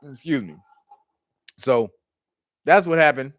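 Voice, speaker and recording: A man, commenting in casual talk, animated, acting out the quotes and laughing often. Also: takes it slowly, no room sound, clean studio sound. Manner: animated storytelling, acts out quotes in high mocking voices, laughs often. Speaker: commentary host.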